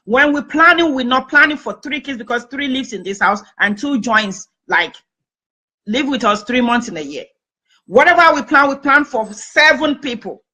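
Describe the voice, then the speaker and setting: A woman's voice: high voice, lively intonation, normal speed, bright, forceful tone, poor audio. A middle-aged woman hosting a family talk show, telling a personal story emphatically and repeating phrases for effect. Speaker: host and family therapist.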